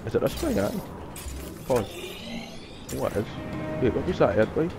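Excitable swearing young gamer. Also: male voice, mid-range voice, moderate pace, vocal fry. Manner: excitable, profane, yells at the game. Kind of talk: live gameplay commentary. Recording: voice over loud game music.

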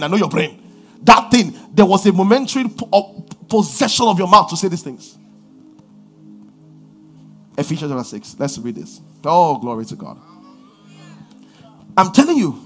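Nigerian pastor preaching in a lively, swooping voice. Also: male voice, sits high, normal speed, long pauses, soft background music. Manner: preaching with sudden loud outbursts and quiet asides. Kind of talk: sermon.

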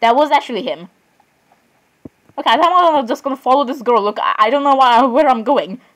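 A young woman chatting excitedly as she comments on her own gameplay, often saying sorry and literally. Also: high voice, fairly quick, rough recording. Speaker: gamer.

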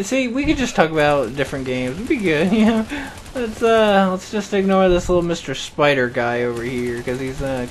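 A young man with a fairly high voice rambles through his gameplay, teasing the enemies and laughing at his own jokes. Faint background hiss sits under his talk. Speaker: gaming channel host. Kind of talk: casual gameplay commentary.

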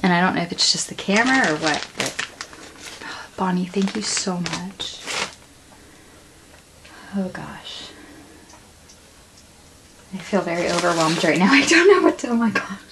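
Excited woman opening a craft swap box at home, all oh my goshes and gasps, noisy home video. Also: fairly low pitch, unhurried, pauses often. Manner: gushing, gasping, breathless exclamations. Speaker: vlogger unboxing a craft swap package. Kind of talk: excited unboxing chat. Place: home room.

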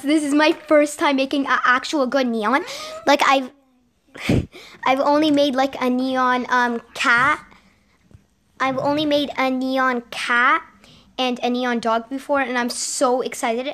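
A young girl giving excited commentary while playing a game at home, often repeating exclamations. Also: sits high. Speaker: gaming vlogger. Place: home with a sibling gaming nearby.

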